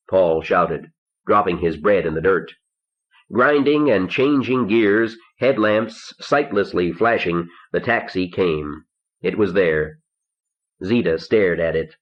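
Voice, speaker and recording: A man calmly narrating an audiobook, reading in a measured, deliberate way in a studio. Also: sits low. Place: recording studio. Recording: dull lo-fi 1970s cassette recording.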